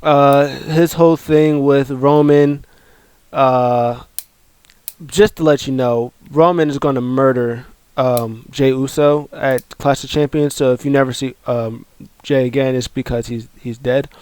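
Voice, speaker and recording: A man hosting a casual wrestling recap, excitable and rambling, with lots of fillers and restarts. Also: medium pitch, measured pace, clean tone, no echo. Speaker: wrestling show recap host. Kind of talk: casual video commentary.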